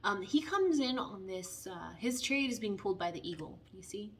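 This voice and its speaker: A young woman giving a casual, playful tarot reading, chatty and animated as she talks through the cards. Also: mid-range voice, normal speed, a little hiss or hum. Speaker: tarot reader.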